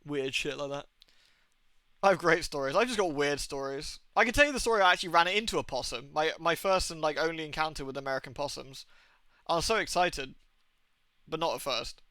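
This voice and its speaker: A man's voice: a little high, fairly quick, no echo. A young man with an English accent, a game streamer telling rambling, sweary stories in casual chat. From England. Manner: rambling, sweary, animated storytelling.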